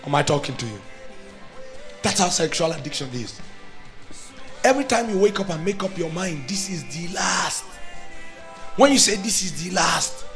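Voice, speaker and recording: A man preaching a sermon with a fairly high voice. He swings between loud declarations and hushed, acted-out inner thoughts, with soft music playing faintly behind him. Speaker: pastor.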